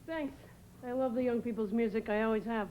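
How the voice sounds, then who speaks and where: High-pitched woman comic, from New England, rambling and hesitant; noisy live-audience studio. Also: highs cut off. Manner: rambling, halting delivery with many "uh"s. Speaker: stand-up comedian. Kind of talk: stand-up comedy set. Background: audience laughter.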